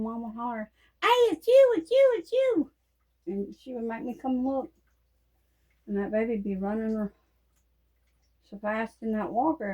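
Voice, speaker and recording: A woman, telling folksy stories in a casual, animated way and laughing often. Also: medium pitch, rough recording. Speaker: Christian vlogger. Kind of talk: casual storytelling monologue.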